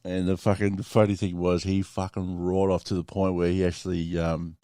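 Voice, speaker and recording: Australian man, podcast host, casual storytelling, swears a lot, lowish voice, dry sound. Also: flat delivery, moderate pace, warm tone, smooth, no echo. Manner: swears often, laughs through his story.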